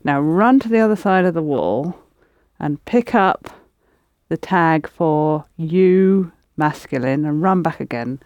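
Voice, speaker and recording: Teacher, patient step-by-step explainer, medium pitch, dry close sound. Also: lively intonation, slow pace, darkish tone, no room sound, muffled recording. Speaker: language teacher. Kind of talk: guiding students through spoken drills.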